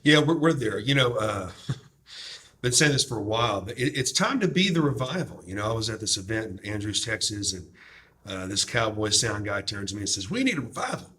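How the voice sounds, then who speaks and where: A man's voice: fairly low pitch, a little fast, bright, forceful tone. A man hosting a discussion, speaking in a fervent, emphatic, preacher-like way. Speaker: host promoting a DVD series. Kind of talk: impassioned discussion.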